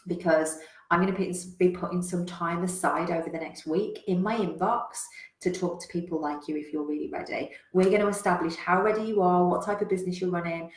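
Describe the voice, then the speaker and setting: A woman business coach giving a motivational talk, emphatic and direct, with casual swearing. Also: fairly low pitch. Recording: roomy echo.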